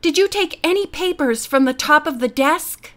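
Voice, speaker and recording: A woman's voice: high voice, expressive, normal speed, pitched above the performer's own voice. A woman voicing a worried, doleful middle-aged housekeeper in an audiobook. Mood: fretful.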